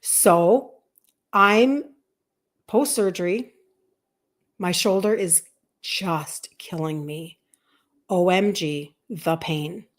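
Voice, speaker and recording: A woman in her fifties, a health coach on a live stream, telling a personal story in a chatty, animated way and acting out bits of dialogue. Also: fairly low pitch, drawn-out words, long pauses. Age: 50s.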